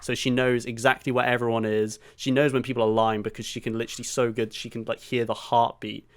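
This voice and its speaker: A man in a middle-pitched voice explains things at length on a podcast. He keeps a steady, casual flow, with the odd "um" and a swear word. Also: fast. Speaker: podcast co-host.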